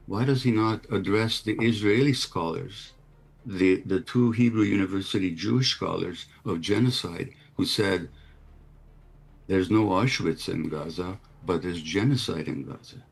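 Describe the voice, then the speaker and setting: A man's voice: sits low, creaky, husky. A man answering as a television interview guest, pointed and insistent, asking repeated rhetorical questions.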